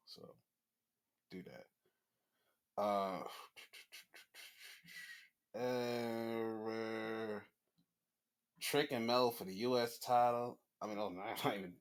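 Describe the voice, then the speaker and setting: A man hosting a loose, unscripted sports podcast. His voice sits in the middle of the male range. He rambles, swears freely and keeps breaking into excited, high-pitched rants. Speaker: podcast host. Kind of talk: casual wrestling chat.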